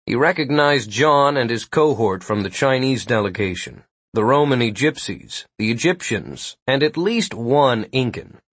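A man narrating a fantasy story in a measured audiobook style. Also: medium pitch, lively intonation, a bit bright, slightly rough, dry recording. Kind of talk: scripted narration.

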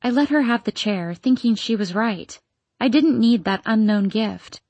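A woman reading a novel aloud in steady scripted narration. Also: medium pitch, measured pace, no echo. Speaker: audiobook narrator.

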